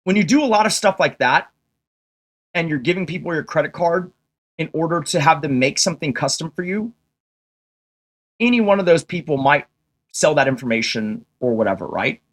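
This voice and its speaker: A man's voice: a little high, lively intonation, normal speed, pauses often. A man streaming to his audience, caught up in a heated rant. He curses constantly, sounds exasperated and combative, and keeps turning to viewers with rhetorical questions to press his point. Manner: heavy swearing, exasperated and combative. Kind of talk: ranting livestream monologue.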